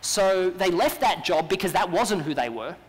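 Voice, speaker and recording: A man with an Australian accent giving an energetic, persuasive keynote talk at a business conference. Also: sits high, normal speed. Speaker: business speaker. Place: large conference hall. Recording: long hall reverb.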